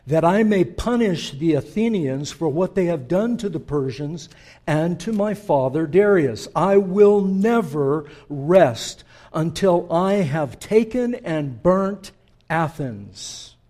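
A man voicing a pompous ancient Persian king addressing his nobles, in a grand, slow, declaiming manner. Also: on the high side, animated, warm tone, voice pushed up. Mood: commanding.

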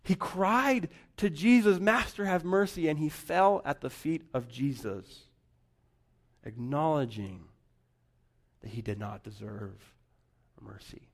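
A man preaching a sermon, rising to loud emphatic lines and dropping to near-whispers. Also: fairly high pitch, slow pace. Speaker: pastor.

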